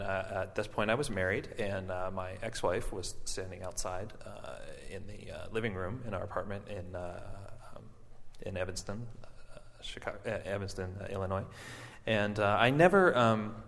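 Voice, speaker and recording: Guy telling his story onstage, lots of um and uh, kinda low voice, big reverby hall. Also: a bit bright. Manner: halting, many fillers and restarts, self-deprecating. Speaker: performer and stroke survivor. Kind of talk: storytelling to a live audience.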